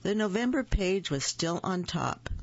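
Slow, gravelly storybook reader. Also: mid-range voice, expressive. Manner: slow, gentle read-aloud pacing. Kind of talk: reading picture books aloud. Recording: muffled, dull recording.

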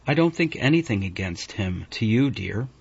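A man reading an audiobook voices an earnest, wistful young man who talks softly. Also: on the low side, very animated, moderate pace, creaky, husky, exaggerated voice. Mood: subdued. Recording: dull, dry audiobook recording.

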